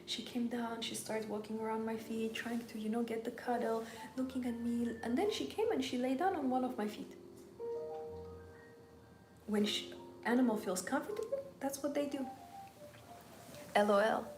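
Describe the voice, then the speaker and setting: Give me a woman coaching on a live stream, slightly high, with music playing behind her. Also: moderate pace, pauses often. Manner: intimate, drops often to a whisper. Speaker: femininity coach. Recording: roomy with background music.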